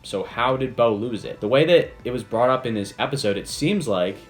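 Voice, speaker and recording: A man's voice: medium pitch, animated, fairly quick. A man giving a casual, enthusiastic spoiler review, chatty and full of "basically" and "like". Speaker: video reviewer.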